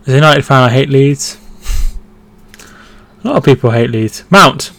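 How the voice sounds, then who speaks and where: A man's voice: mid-range voice, animated, moderate pace, creaky, a bit bright, no echo. Chatty male football streamer. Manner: chatty, reads out viewer comments and reacts to play. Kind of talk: casual live watchalong commentary.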